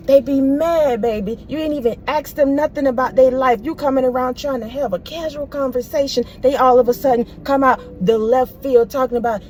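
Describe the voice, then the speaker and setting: A woman with a fairly high, mellow voice gives a spiritual reading straight to her viewers. She preaches emphatically in loose, slangy phrasing, circling back over her points and calling the listener "baby" again and again. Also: normal speed, few pauses, a little hiss or hum. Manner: casual, repetitive, slangy phrasing. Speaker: spiritual reader.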